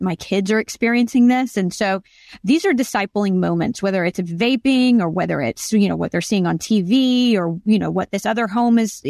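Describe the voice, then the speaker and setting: A middle-aged woman hosts a Christian podcast in a casual, earnest way. She affirms her guest often and speaks at a medium pitch. Her voice sounds dry and close, with no room sound. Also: vocal fry, darkish tone, dry recording. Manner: earnest, affirming, frequent mm-hmms. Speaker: podcast host.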